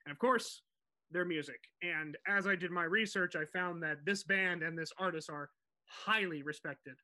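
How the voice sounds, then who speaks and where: Bright, high-voiced male podcast host. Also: moderate pace. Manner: animated, digressive storyteller. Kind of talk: storytelling podcast narration.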